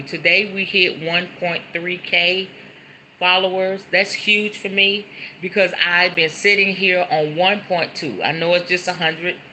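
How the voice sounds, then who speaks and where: Very bright-voiced chatty woman host. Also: lowish voice, slight background noise, rough recording. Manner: chatty, repeats words, often says y'all. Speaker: spiritualist livestream host. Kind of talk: casual livestream chat to viewers. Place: at home, in front of a decorated backdrop.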